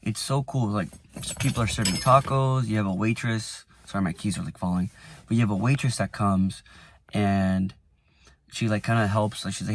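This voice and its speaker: A man's voice: on the low side, normal speed. Rambling young man vlogging from his car. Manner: rambling, lots of "like" and restarts, softens when emotional. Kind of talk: casual reflective vlog. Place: inside a parked car.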